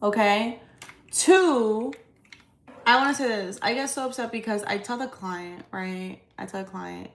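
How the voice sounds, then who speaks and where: A woman's voice: mid-range voice, fairly even intonation, moderate pace, a bit bright. A woman talking to viewers on a casual livestream, venting in a blunt, emphatic way with plenty of swearing. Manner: blunt, profane, emphatic ranting. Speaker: livestream host, credit repair business owner. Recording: roomy echo.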